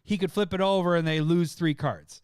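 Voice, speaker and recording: A man co-hosting a podcast, telling a story in casual chat, laughing often and putting on loud voices of his friends. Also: fairly high pitch, a little fast, clear, resonant tone, no echo, studio quality. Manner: laughing, animated storyteller who shouts impressions of friends. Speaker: podcast co-host.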